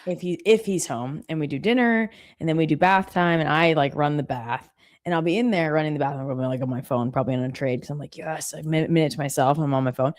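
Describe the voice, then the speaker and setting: A woman in her thirties co-hosting a live trading stream, chatting casually and telling animated stories about home life. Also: low voice, quick pace. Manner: animated storyteller, mimics her husband. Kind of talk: casual chat.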